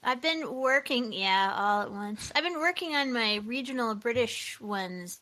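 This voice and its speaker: A woman's voice: fairly high pitch, expressive, a little slow, sharp tone. A woman podcast guest chatting casually, giggly and self-deprecating. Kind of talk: casual chat.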